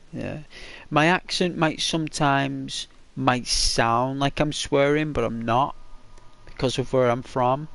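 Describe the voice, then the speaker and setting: A man's voice: mid-range voice, gravelly. Rambling man chatting on a game stream. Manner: rambling, full of fillers. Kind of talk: casual live-stream chat.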